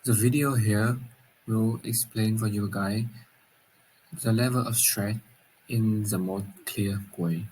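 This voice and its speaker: A man giving a class presentation on word stress, speaking in a halting way with non-native phrasing. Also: on the low side, fairly even intonation, darkish tone, breathy edge, rough recording. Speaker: student presenter.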